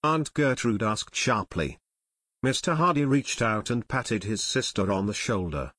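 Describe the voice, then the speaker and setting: A man narrating an audiobook in a steady, even storytelling manner. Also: lowish voice, a little slow, no room sound, studio quality. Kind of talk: scripted narration.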